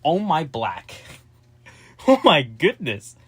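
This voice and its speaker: A man chatting casually and excitably to his viewers, jumping from topic to topic with quick asides and jokes. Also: a little high, breathy edge. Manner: addresses viewers as "guys", quick asides and joking. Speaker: vlogger. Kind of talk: casual rambling vlog chat to viewers.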